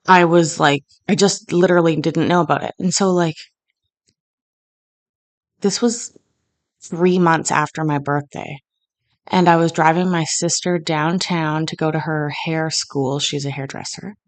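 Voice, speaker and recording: A Canadian woman in her thirties chats at home, telling a long personal story. Her voice sits a little low, and she wanders with fillers and false starts. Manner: rambling, lots of fillers and restarts. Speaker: host. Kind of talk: casual storytelling chat. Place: home kitchen.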